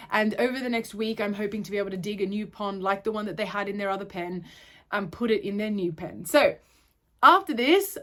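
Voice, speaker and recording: A woman's voice: fairly high pitch, no room sound. A young woman vlogging casually to camera, chatty and rambling with self-correcting asides. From Australia. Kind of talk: casual vlog talk to camera.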